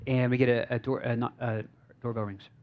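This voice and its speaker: A man's voice: medium pitch, level tone, a little fast. Man preaching a conversational sermon. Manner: informal, storytelling, frequent fillers and restarts. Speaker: pastor. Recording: slightly dull lo-fi recording.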